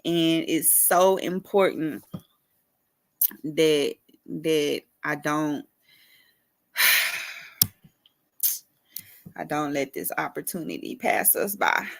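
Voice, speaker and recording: A woman's voice: sits low, expressive, very slow, gravelly, long pauses, fairly bright tone. A woman urban farmer ranting in a casual vlog, emphatic and repetitive, cussing freely.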